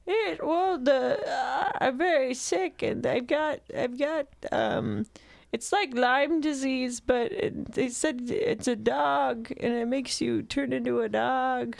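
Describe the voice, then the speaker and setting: A woman plays a sly wolf that stumbles through its lies with constant restarts. The voice sits a little high, with a gravelly edge. It is dry and close, with no room sound. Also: no echo, heavily acted. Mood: feigning sickness. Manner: halting, stammering improv with many restarts. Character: sly male wolf posing as doctor and grandma.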